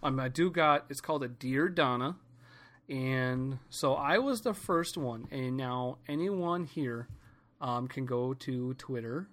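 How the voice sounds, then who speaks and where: A man rants casually on his podcast, swearing often and wandering from one gripe to the next. His voice is bright and forceful, and he tells his stories with animated comedic energy. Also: medium pitch, takes it slowly. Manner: profane, rambling, animated storytelling. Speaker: podcast host.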